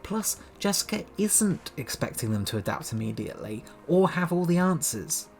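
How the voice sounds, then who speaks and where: A man's voice: fairly high pitch, big pitch swings, moderate pace, creaky, faint music behind. A man casually reviewing a novel, chatty and sardonic, reading passages aloud and laughing often. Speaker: book reviewer and reader. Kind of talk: casual book commentary with read-aloud passages.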